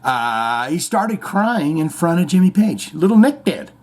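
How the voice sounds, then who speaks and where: A male podcast host riffing in a comedic commentary style, full of sarcastic, mocking asides. His pitch sits a touch high for a man and leaps around with lively swings. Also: measured pace. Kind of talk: comedic commentary on played clips.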